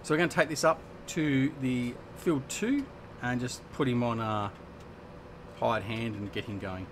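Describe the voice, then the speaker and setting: A man's voice: mid-range voice, unhurried, noisy background. Chatty Australian man streaming a farm game. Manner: chatty and joking, reading out chat and answering viewers. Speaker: live-stream host. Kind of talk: casual live-stream chat while gaming.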